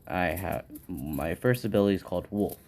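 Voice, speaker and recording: A man voicing a kind, weary teenage orphan boy with wolf powers, speaking in a subdued, flat way. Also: sits low, normal speed, creaky.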